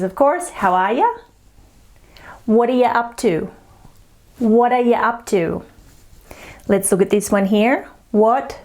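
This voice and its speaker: A woman's voice: mid-range voice, a little mellow. Encouraging Australian woman teaching English. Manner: encouraging, demonstrates phrases slowly. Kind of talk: online English lesson.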